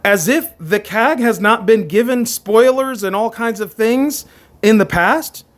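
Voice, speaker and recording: A man's voice: high voice, measured pace. A man hosting his own commentary channel, delivering an impassioned rant with frequent stammered restarts and repeated phrases.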